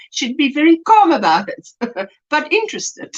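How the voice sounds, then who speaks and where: A woman's voice: sits high, very animated, a little slow. A woman hosting a casual crochet livestream, chatting and laughing often as she reads out viewer comments. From South Africa. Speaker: livestream host. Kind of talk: casual chat while crocheting live. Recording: lo-fi livestream audio.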